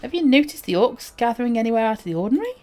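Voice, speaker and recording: A woman voicing a gruff older fantasy quest-giver, in a put-on folksy accent and drawn-out delivery. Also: a little high, very animated, darkish tone. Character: gruff older quest-giver who complains about youth.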